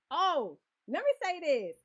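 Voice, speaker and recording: A woman streaming a cozy game, chatting and often laughing as she talks to her viewers. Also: very high voice. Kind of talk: casual game stream chat. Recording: dull lo-fi stream audio.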